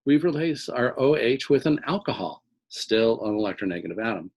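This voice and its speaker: A man's voice: mid-range voice, animated, a little fast, darkish tone, poor audio. A man teaching organic chemistry in a recorded lecture, explaining step by step and often checking in with "okay?".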